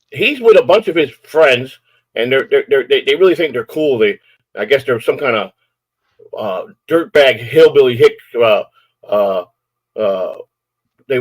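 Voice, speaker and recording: A man's voice: medium pitch, no echo, poor audio. An older man, host of a live stream, ranting angrily and issuing profane, repetitive threats. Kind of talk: angry live-stream rant.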